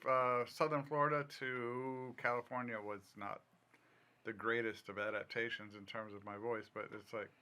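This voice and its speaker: A man co-hosting a podcast in casual chat, animated and joking with quick asides. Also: mid-range voice, clean tone. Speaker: podcast co-host.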